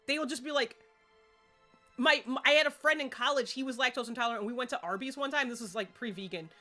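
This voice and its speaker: A woman chats casually during a gaming live stream, rambling and laughing a lot. Her high voice has a sharp tone and a fast pace, with faint music playing behind her.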